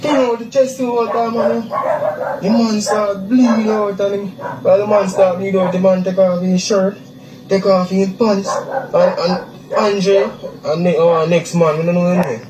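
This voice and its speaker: A young man with a Jamaican Patois accent, giving a halting, repetitive eyewitness account, recorded in a distant, echoey, noisy clip. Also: high voice, little pitch movement, a crowd in the background. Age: young adult. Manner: halting, repeats himself, acts out quotes. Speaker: witness interviewee.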